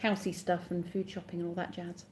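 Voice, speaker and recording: A chatty woman in her thirties talks casually to viewers on a live stream, reading out their comments and replying to them. Her voice is mellow and warm. A faint hum of noise sits behind her. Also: on the low side, level tone, fairly quick.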